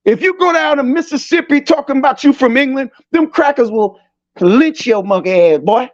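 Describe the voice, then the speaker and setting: A man's voice: extremely high pitch, lively intonation, moderate pace. A man hosting a heated talk-show debate, impassioned, profane and preachy. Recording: dull lo-fi sound.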